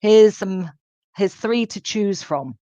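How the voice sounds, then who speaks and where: Woman, online English teacher; clear, repetitive drilling delivery; dry, slightly muffled webcast sound. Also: medium pitch, expressive, slow pace, mellow, no room sound. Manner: clear teacherly, repeats and drills phrases for learners. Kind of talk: live online language class. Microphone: computer microphone in a live online lesson. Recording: dull, dry lo-fi stream audio.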